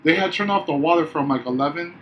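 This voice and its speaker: A man with a slightly high voice tells stories from work in relaxed, profane chat. He acts out the lines of the people in them. The recording sounds dull and a little lo-fi. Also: quick pace. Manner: loose, profane storytelling with acted-out quotes. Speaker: podcast co-host. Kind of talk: casual chat. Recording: dull lo-fi sound with faint background hiss.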